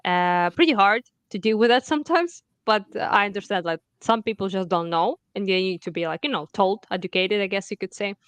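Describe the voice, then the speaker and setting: Ukrainian woman, smooth clear voice. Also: medium pitch, brisk, hardly any pauses, dry recording. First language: Russian. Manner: earnest, many fillers and restarts. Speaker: podcast guest. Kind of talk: casual interview talk.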